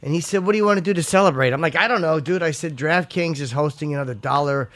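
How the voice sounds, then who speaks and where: A man's voice: a little high, quick pace, a bit bright, no room sound. A man in casual podcast chat who jokes a lot and reads an ad live. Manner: joking, wisecracking. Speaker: podcast co-host.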